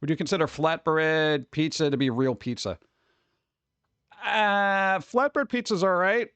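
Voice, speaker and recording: A man's voice: fairly high pitch, unhurried, fairly bright tone, smooth, no room sound. Rambling New man streaming. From New York. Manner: rambling, restarts, mimics people in quotes. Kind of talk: casual chat with viewers.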